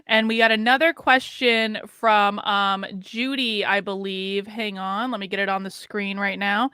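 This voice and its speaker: Middle-aged woman host on a livestream, bright voice, dry close sound, chatty. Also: medium pitch, steady tone, unhurried, clean tone, no room sound. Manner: chatty, prompting with frequent mm-hmms. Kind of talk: livestream interview.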